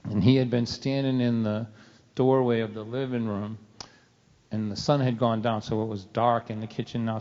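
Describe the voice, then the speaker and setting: A man's voice: medium pitch, darkish tone. A middle-aged man telling a comic story live, wry and self-mocking. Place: church hall venue. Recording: dull sound with long hall reverb.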